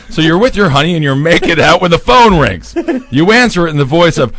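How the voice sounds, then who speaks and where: Playful podcast man, lively voice. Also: fairly high pitch. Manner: playful, quick to laugh. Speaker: podcast co-host. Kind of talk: casual chat.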